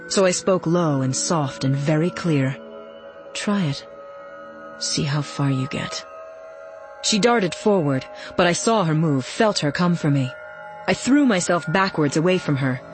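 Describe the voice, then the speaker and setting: Woman narrating a dark novel. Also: fairly low pitch. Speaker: audiobook narrator. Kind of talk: first-person novel narration.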